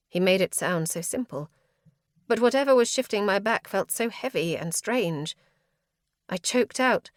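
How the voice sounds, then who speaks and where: A woman's voice: on the low side, unhurried, dry recording, studio quality. Woman narrating a tense fantasy audiobook. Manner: tense, dramatic delivery. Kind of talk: scripted first-person fantasy narration.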